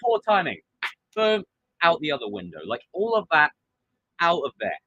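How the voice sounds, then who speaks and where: A man hosting a live stream, chatting casually and excitably about a TV show and acting out quotes. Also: on the high side, normal speed, husky, dry recording, muffled recording. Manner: animated, excitable, acts out quotes.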